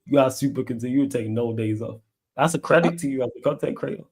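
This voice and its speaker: Male co-host, mid-pitched, fast talker, blunt and teasing. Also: darkish tone, breathy edge. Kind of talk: casual football chat.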